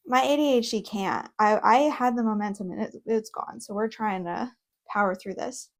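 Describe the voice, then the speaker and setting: Young woman, fairly high voice, chatty and excitable, casual card-reading vlog, close mic at home. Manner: chatty, excitable, laughs often; reads card meanings aloud between asides. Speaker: tarot content creator. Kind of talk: casual deck review vlog. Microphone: own microphone.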